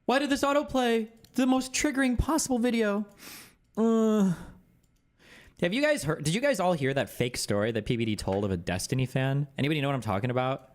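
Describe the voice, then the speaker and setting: A man's voice: sits high, lively intonation, fairly quick. A man streaming, retelling a story in a casual, exasperated, mocking way. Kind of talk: casual livestream commentary.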